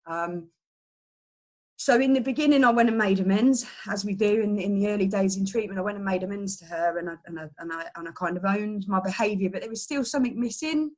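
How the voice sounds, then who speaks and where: A middle-aged woman giving an earnest personal testimony, halting and full of restarts and fillers. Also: medium pitch, a little mellow. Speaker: person in recovery sharing a story.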